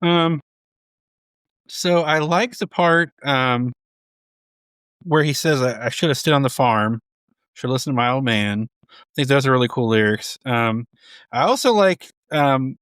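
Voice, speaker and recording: A man's voice: mid-range voice, a little slow, pauses often, fairly bright tone, smooth, dry recording, studio quality. A man co-hosting a music podcast in casual chat, hesitant, with many ums as he quotes lyrics he likes. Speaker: podcast co-host.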